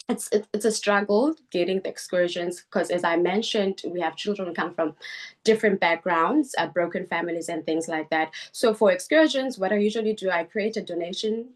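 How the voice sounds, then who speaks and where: A woman on a video call, earnestly describing her book club work with many halting restarts. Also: fairly low pitch. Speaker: book club founder speaking at a webinar. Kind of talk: online meeting talk.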